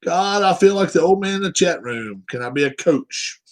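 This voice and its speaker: A man's voice: high-pitched, expressive, normal speed, low-quality recording. A man hosting a live stream, chatting casually with his viewers in a rambling way while setting up a game.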